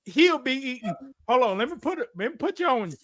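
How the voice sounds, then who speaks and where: A man co-hosting a streamed talk show, ranting in a confrontational, taunting, profane way and often breaking into shouts. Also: very high-pitched, sing-song, brisk, no room sound, studio quality. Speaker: podcast co-host.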